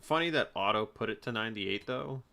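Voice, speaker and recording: A young male streamer chatting loosely over his racing game. His voice sits low with a gravelly edge, yet comes across bright and forward, with easy fillers throughout. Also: expressive, a little fast, slight background noise. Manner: laid-back, rambling, with fillers. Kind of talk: casual gameplay commentary.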